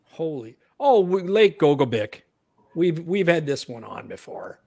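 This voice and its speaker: A Canadian man hosting a livestream, his voice sitting a little high and swinging widely as he jokes and tallies points. He sounds playful and quick to laugh. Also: very animated, vocal fry. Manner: playful, laughing, keeps score out loud. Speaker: podcast host. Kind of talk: casual livestream chat.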